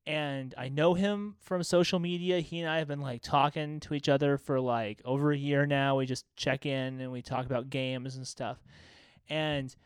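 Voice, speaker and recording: Animated swearing man, dry close mic. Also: mid-range voice, moderate pace, clear, resonant tone, no echo. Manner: animated storyteller, swears freely. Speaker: podcast co-host. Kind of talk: casual chat.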